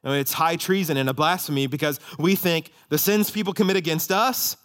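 An impassioned man preaching a sermon in a slightly high voice. He climbs to loud, emphatic peaks and then drops to low, hushed asides. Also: brisk, few pauses. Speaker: pastor.

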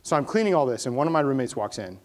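A man's voice: medium pitch, sing-song, very fast, a little mellow. A man preaching a sermon in a casual storytelling way, with emphatic bursts on key points. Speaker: pastor. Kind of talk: conversational sermon.

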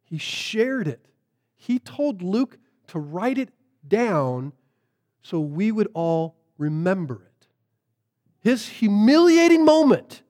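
A man preaching a sermon as a pastor, shifting from lively storytelling to hushed, earnest emphasis. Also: sits high, slow.

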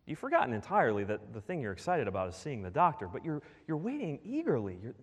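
A male pastor preaching a sermon in a church, animated and full of rhetorical questions to the congregation. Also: mid-range voice, quick pace, hardly any pauses. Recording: long reverb of a large hall.

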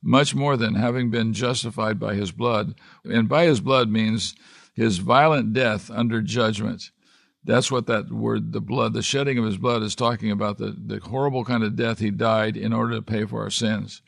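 A man's voice: fairly low pitch, steady tone, moderate pace, creaky, a bit bright. A man preaching a sermon as pastor, earnestly reading and explaining scripture verse by verse.

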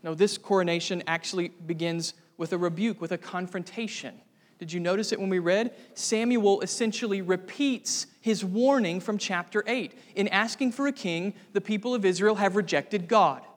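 A man's voice: high-pitched, normal speed, big-room sound. A man preaching a sermon to a congregation, earnest and building to fervent emphasis. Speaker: pastor.

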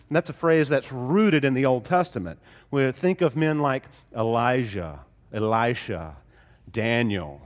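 A man's voice: mid-range voice, long reverb tail. A male pastor preaching a sermon, emphatic and building on repeated phrases.

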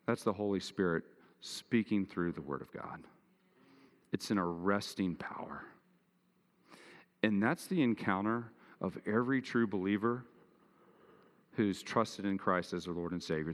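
A man preaches in a sanctuary with a long echo behind his low voice. He speaks earnestly, pressing his voice higher and harder when he drives a point home. It is a sermon, with an even, steady pulpit delivery. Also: a little slow, pauses often. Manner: earnest preaching, rising in pitch and force for emphasis. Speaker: pastor.

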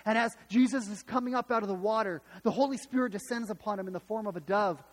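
A man's voice: sits high, fast, long reverb tail. A man preaching a sermon, emphatic and dramatic, retelling scripture with repeated restarts. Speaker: pastor.

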